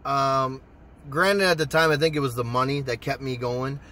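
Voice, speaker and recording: A young man telling a personal story to his channel in a casual, profane, excitable way. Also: medium pitch, normal speed. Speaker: storytime vlogger.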